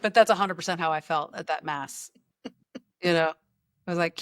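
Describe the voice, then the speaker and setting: A woman's voice: on the low side, moderate pace, clean tone, no room sound. A woman hosting a podcast, telling rambling, joking stories in casual chat. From United States. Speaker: podcast host.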